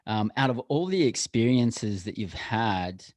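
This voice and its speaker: A man's voice: lowish voice, expressive, unhurried, dry recording, studio quality. A man hosting a casual interview podcast, encouraging his guest and putting questions to her. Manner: encouraging, gives frequent short backchannels. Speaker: podcast host.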